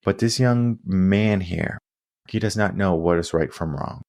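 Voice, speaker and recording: A man voicing a wise male monk teacher who speaks in a measured, gentle but firm way while telling a story. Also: deep voice, no echo, studio quality. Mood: calm firm.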